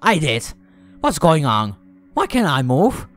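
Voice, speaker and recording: Casting: man voicing a hysterical young man, high-pitched, loud, panicking. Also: wildly swooping pitch, fast. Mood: panicked. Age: young adult. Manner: frantic, shouting, terrified. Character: panicked young man trapped in own body.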